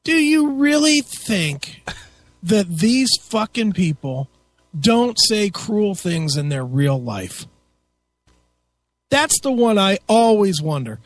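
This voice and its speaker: A man co-hosts a talk radio show in a high voice that swings wildly up and down. He rants and mocks in a crude way, swearing freely. He often drops to a low mutter to add a sour aside. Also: sing-song, takes it slowly, dry recording. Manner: crude, mocking, ranting with profanity. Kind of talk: casual talk radio banter.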